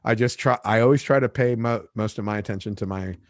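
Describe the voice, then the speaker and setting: Male host, casual storyteller, gets animated on quotes, dry close mic. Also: lowish voice, quick pace, no echo. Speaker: podcast host and fishing captain.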